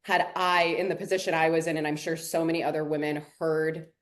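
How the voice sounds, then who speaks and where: Lower-voiced woman coach, encouraging. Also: flat delivery, a little fast. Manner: encouraging and affirming. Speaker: program coach and interview host. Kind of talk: warm supportive interview talk.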